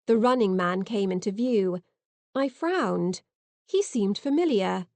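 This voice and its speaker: A woman narrating an audiobook in first person with lively, expressive reading, on a close mic. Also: medium pitch, slow pace, dry recording.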